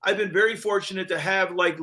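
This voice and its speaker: Bright-voiced older man chatting. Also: sits high, steady tone, a little fast. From upstate New York. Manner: chatty, full of fillers and restarts. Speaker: podcast co-host. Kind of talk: casual chat.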